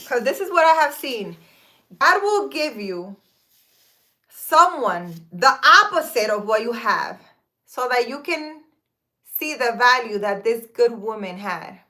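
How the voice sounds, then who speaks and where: Her voice a little high, sing-song and unhurried, with a pushed, bright quality, a woman in her thirties offers casual spiritual advice on a live stream. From a park, she speaks earnestly and emphatically about relationships and faith.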